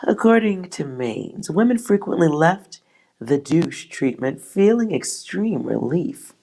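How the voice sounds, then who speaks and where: A woman's voice: on the low side, sing-song, slow pace, creaky, dark tone. A woman hosting a tarot channel, reading a history text aloud and breaking off with sighs and wry asides. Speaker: tarot reader host.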